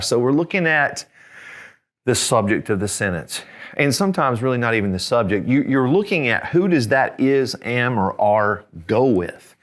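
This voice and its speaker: A man teaching a Spanish grammar lesson, patiently repeating words, spelling them out slowly and often checking in with "okay?". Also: mid-range voice, expressive, fairly bright tone. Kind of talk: classroom-style grammar lesson.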